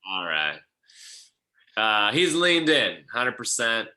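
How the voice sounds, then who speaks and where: A man's voice: medium pitch, very animated, takes it slowly, pushed and bright. A man hosting a podcast, chatting casually and hesitantly, with frequent restarts. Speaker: podcast host.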